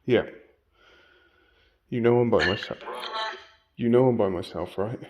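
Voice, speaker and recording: A man investigating a haunted abbey, talking in a hushed, on-edge way as he calls out to spirits. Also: lowish voice, normal speed. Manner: hushed and tense, calling out to spirits. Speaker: paranormal investigator. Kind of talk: ghost-hunting vlog narration. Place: old abbey room at night. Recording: muffled with loud background noise.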